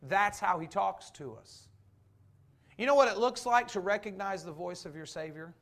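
A man's voice: sits high, normal speed, a bit bright. A man in his forties, a pastor, preaching a sermon in a church, earnest and full of rhetorical questions.

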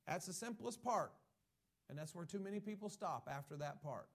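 A man preaching a sermon, reading scripture slowly and building to emphatic, rising bursts as he addresses his church. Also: high voice, big pitch swings. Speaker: pastor.

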